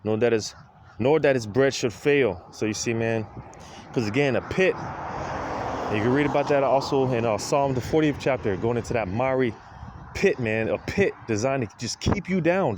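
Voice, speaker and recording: A street preacher delivers an informal monologue in a mid-range voice, sounding weary and full of grievance. He leans again and again on "man" and "you know," with background noise behind him.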